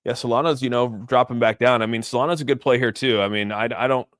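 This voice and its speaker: A man's voice: mid-range voice, fairly even intonation, fast, a bit bright, no room sound, clean studio sound. A man streaming live, talking casually through crypto charts and reading out viewer messages in a loose, chatty way. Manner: loose and chatty, many restarts, reads donor messages. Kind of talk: casual livestream chart commentary.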